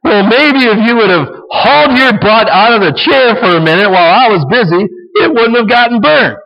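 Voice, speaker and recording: A man's voice: a little high, lively intonation, moderate pace, pitched above the performer's own voice, lightly acted. A man voicing an exasperated wife in a family squabble, speaking in a raised, pleading and snappish voice. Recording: dull lo-fi sound with long hall reverb.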